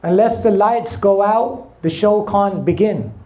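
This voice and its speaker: A man's voice: a little slow, darkish tone. A man giving a spiritual class, telling stories and acting out the dialogue in them. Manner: storytelling, acting out dialogue with rising pitch. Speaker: spiritual teacher. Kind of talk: sermon.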